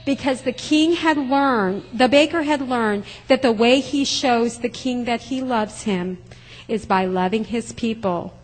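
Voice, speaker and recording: A woman telling a children's story in church, in a simple, expressive way, heard in a church hall. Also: on the high side, a little slow. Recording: long hall reverb.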